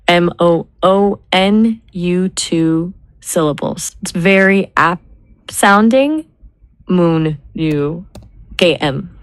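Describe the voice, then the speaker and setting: A woman brainstorming names in casual chat, measured and spelling words out letter by letter. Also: on the low side, no echo. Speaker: brainstorming assistant.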